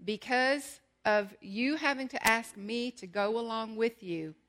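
Lady doing a firm, stern prophetess, fairly high voice. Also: a little slow, fairly bright tone.

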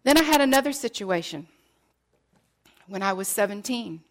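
A woman's voice: mid-range voice, lively intonation, moderate pace, a little hiss or hum. A middle-aged woman giving an emotional sermon, sharing her testimony earnestly and sometimes dropping almost to a whisper. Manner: earnest, drops to near whispers at painful moments.

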